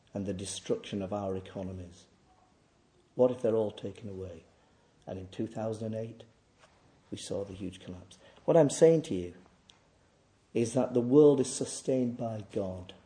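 A man preaching a sermon, swinging between loud emphatic declarations and quieter reflective passages. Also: on the low side. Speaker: pastor.

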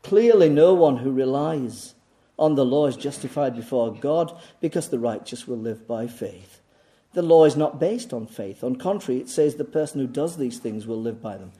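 A mid-range, animated voice carries this man's emphatic sermon at normal speed. Repeating key words and questioning the congregation rhetorically, he moves back and forth between urgency and quiet asides.

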